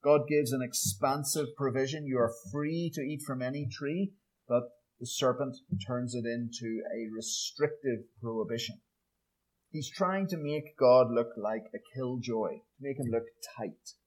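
A man preaching an expository sermon, measured and emphatic, slowing down on key words. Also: medium pitch, rough recording.

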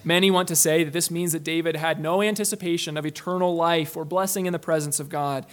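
A male pastor preaching a sermon in an earnest, emphatic way, swinging between loud stresses and quiet, low drops and slowing down on key phrases. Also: fairly even intonation.

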